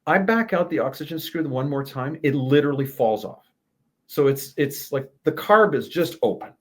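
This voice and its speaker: A man, a guest telling a lively travel story in a casual interview, laughing and swearing as he goes. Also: fairly high pitch, normal speed. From Canada.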